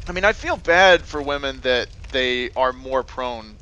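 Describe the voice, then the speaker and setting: Co-hosting a gaming let's play, a man with a sharp, expressive mid-range voice spins rambling stories at a measured pace, full of uhs and restarts. The casual gaming chat comes through dull audio with a little hiss or hum.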